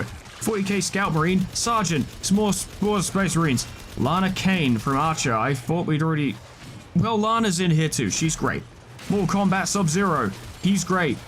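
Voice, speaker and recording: A man rambling casually as he commentates a video game list, tossing out quick offhand verdicts and the odd swear. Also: on the high side. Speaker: gaming video creator.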